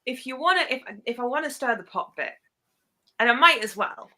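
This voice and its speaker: A woman's voice: high-pitched, animated, brisk, bright, forceful tone. A woman guest in a casual chat, talking in a chatty, wry way.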